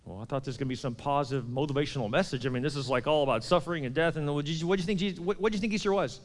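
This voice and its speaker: A man pastor preaching a sermon, emphatic, swinging between loud and hushed passages. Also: a little high, very fast, long reverb tail.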